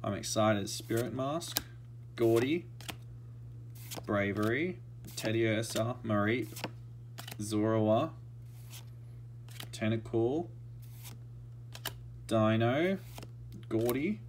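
A man's voice: fairly low pitch, expressive, drawn-out words, pauses often, a little hiss or hum. A man giving casual, murmured commentary as he opens trading card packs. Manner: murmured running commentary that bursts into shouting and laughter. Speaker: card-opening vlogger.

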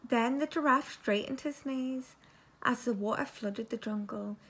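A teacher reading a children's story aloud expressively, now and then turning to ask the children questions. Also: female voice, a little high, a little slow, fairly bright tone, slightly rough.

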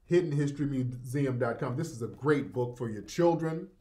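Speaking at medium pitch and a moderate pace, a male talk show host comments live with laughter and mockery. Afterward he delivers lively plugs for products.

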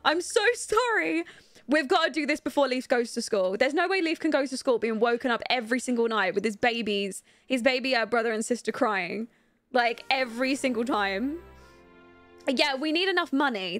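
A woman's voice: high-pitched, fairly bright tone, no echo, clean studio sound. A young woman giving chatty, giggly commentary on her life-sim game and talking to her viewers. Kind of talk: casual gameplay commentary.

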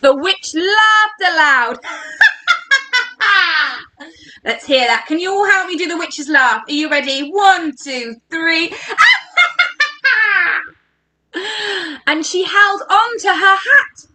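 English woman, children's workshop reader, high bright voice, slow and lively. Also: slight background noise. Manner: animated, coaxing children to join in. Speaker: education workshop leader. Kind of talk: interactive read-aloud for children. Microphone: home recording for online workshop.

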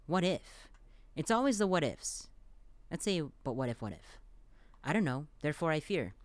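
A man with a lively, playful gaming voice. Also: a little high, dry recording. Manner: playful, reads lines in a mock-dramatic voice, quick asides. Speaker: let's play gamer. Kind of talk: reading game dialogue aloud with reactions.

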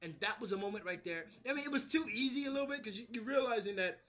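Animated high-voiced New man. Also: quick pace, lo-fi sound. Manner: animated, swears freely, acts out quotes. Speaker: TV episode reviewer. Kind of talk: casual spoken review. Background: street construction noise.

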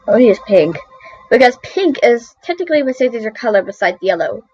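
A woman's voice: fairly high pitch, big pitch swings, fairly quick, a little mellow, husky, soft background music. A woman chatting casually as she draws, exclaiming and poking fun at her own mistakes, picked up on a computer mic. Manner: chatty, exclamatory, self-mocking. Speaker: drawing video host. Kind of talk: casual commentary while drawing. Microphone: computer mic via screen recorder. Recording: dull dry computer-mic recording.

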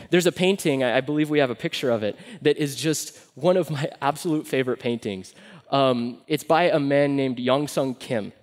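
A young man preaches to a live congregation. His voice sits a little high, and he tells the story with animated, acted-out quotes, dropping to a near hush on key lines. The sound has the long reverb of a large hall. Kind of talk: sermon.

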